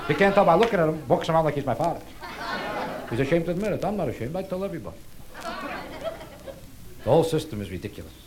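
Animated stand-up comic, high lively voice. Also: male voice, quick pace, long pauses, crowd noise. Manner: self-mocking, rambling and animated. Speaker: stand-up comedian. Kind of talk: stand-up comedy routine. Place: stage before a live audience. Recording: live stage recording with audience laughter and noise.

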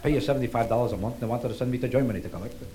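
A man's voice: medium pitch, racing. A man doing a self-mocking stand-up routine on stage, rambling through his jokes before a live audience. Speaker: stand-up comedian. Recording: live stage recording with audience laughter and noise.

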